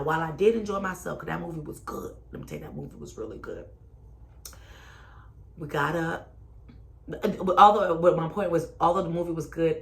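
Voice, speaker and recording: A woman telling a story, sassy and expressive, rising to loud exclamations and then dropping low. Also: vocal fry. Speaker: storyteller vlogger. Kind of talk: animated personal storytelling.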